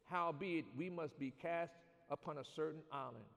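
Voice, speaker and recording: Gravelly preacher man in a reverberant church. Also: on the high side, moderate pace. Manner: preaching call-and-response, building to shouts. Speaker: pastor. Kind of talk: sermon. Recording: long hall reverb.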